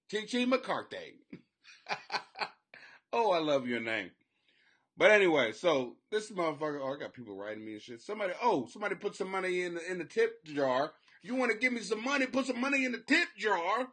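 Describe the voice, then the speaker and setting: A man hosting a comedy podcast, talking rowdy and profane, often breaking into shouts and silly voices. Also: sits high, animated, moderate pace. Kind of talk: rowdy comic commentary. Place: home basement.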